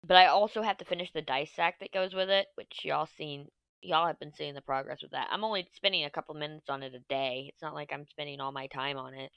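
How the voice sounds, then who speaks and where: A woman vlogging casually while she crafts, chatty and self-mocking, thinking her plans out loud. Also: low voice, fairly even intonation, fast, vocal fry, clear, resonant tone, dry recording.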